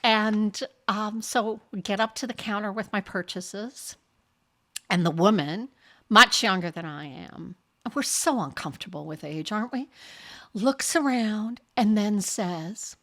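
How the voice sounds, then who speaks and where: A woman's voice: medium pitch, measured pace. An older woman hosting a podcast, telling personal stories frankly and acting out the remarks of others, often with a laugh. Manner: animated, acts out quoted remarks. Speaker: podcast host. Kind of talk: personal storytelling monologue.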